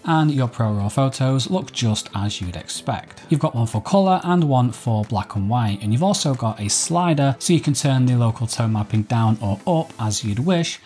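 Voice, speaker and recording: A man's voice: mid-range voice, a little mellow. A man hosting a mobile photography channel, explaining an editing app in a casual tutorial to camera, with chatty, self-deprecating asides.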